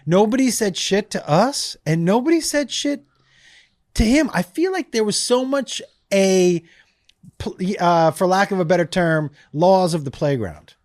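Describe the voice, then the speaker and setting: A man co-hosting a podcast, telling stories in casual, animated chat with swearing and bursts of laughter. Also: sits high, a little slow, dry recording, clean studio sound. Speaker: podcast co-host.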